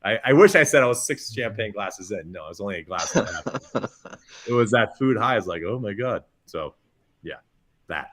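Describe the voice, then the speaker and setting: A middle-aged man, a chef guest on a podcast, telling an anecdote with lively, expressive delivery and acted-out quotes. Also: fairly low pitch, normal speed. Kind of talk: animated storytelling in podcast interview.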